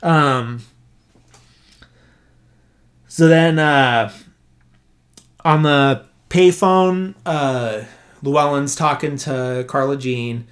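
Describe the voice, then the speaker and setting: A man's voice: mid-range voice, drawn-out words, pauses often. Rambling man recapping a film. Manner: rambling, heavy filler words like "uh" and "like"; self-correcting, loses his train of thought. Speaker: podcast host. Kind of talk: casual podcast movie recap.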